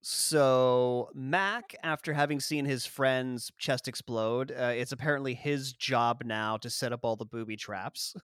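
A man's voice: medium pitch, fairly even intonation, unhurried, hardly any pauses, fairly bright tone, smooth, no echo, clean studio sound. A man hosting a casual movie review podcast, joking and rambling and laughing often. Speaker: podcast host.

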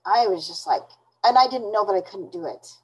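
A woman being interviewed, recounting events in a halting, indignant way with many restarts. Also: mid-range voice, lively intonation, a little mellow, breathy edge, rough recording. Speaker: interview guest.

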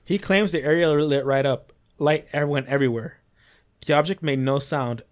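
A man's voice: a little high, normal speed. A man hosting a casual podcast, reading paranormal accounts aloud with small slips and restarts.

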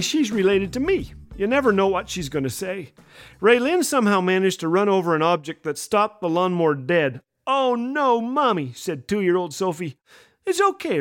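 A middle-aged man hosting a radio show, telling funny stories about children with animated delivery and raised voices for the kids' lines. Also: high-pitched. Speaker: radio host. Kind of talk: humorous storytelling.

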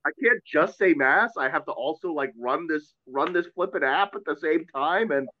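Earnest talkative priest, muffled sound. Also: male voice, on the high side, expressive, moderate pace. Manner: earnest, talkative, self-deprecating. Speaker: Catholic priest. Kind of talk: casual podcast chat.

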